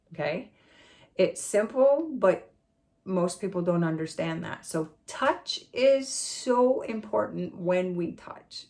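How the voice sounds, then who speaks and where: A middle-aged woman coaching puppy owners in a slightly low, gravelly voice. She talks with emphasis, repeating words to drive points home. She often breaks into high, sing-song praise. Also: darkish tone. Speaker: puppy trainer. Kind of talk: instructional talk to puppy owners.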